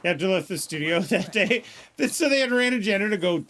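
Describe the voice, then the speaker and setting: A man's voice: sits high, animated, fast talker, a bit bright. A man giving casual, joking gameplay commentary, chatting to himself and to the game as he plays. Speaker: gameplay streamer.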